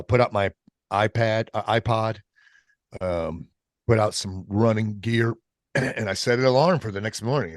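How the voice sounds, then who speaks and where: A man with a deep, low-pitched voice recounts his story candidly as a podcast guest. He speaks casually and swears freely, often halting and circling back mid-sentence. The sound is dry and close, with no room around it. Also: no echo. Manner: casual and profane, halting with restarts, drops "man" and "bro". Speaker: podcast guest, military veteran.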